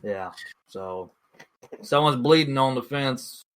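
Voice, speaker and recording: A young man co-hosting a podcast, chatting casually in an excitable, rambling way, full of fillers. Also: mid-range voice, takes it slowly. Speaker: podcast co-host. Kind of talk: casual chat.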